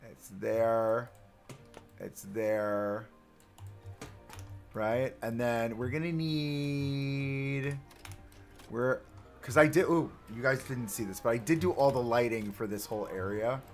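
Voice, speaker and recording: During a live game stream, a young man builds while chatting to himself and his viewers. He speaks slowly in a steady, mid-range voice with long pauses, and faint music plays in the background.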